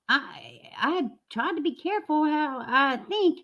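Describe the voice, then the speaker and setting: A woman's voice: high voice, sing-song, unhurried, hardly any pauses, fairly bright tone. A woman hosting a reaction commentary channel, blunt and indignant, swearing freely as she reacts to clips.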